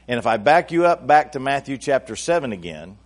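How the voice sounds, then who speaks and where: A male pastor preaching a sermon, talking conversationally to his congregation, restarting phrases and building to loud, emphatic peaks. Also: mid-range voice, very animated, a little fast.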